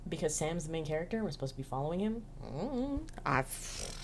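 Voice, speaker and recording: A woman's voice: sits low, big pitch swings, brisk, slight background noise. A woman casually recapping television episodes in a chatty, filler-heavy way with giggly asides. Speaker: show reviewer.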